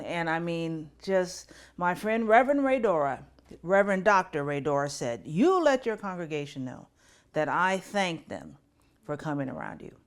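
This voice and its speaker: Low-voiced woman pastor, earnest and tender. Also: smooth. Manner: earnest and personal, voice softening with grief. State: fighting back tears. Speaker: pastor and podcast host. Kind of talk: reflective spiritual talk.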